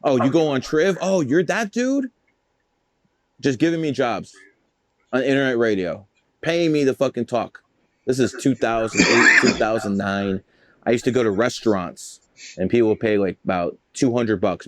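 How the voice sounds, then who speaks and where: A man with a fairly low voice spins loose, boastful stories, swearing freely and wandering off track. The sound is dry and close, with no room around it. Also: normal speed, dry recording. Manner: boastful, profane, rambling. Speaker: guest, numerologist. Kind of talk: casual storytelling interview.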